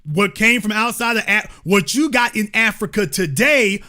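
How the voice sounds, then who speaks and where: A commentary show host delivers a heated monologue in a high, expressive, sharp-toned voice at a moderate pace. His speech is slangy and colloquial, and he hammers his points home confrontationally.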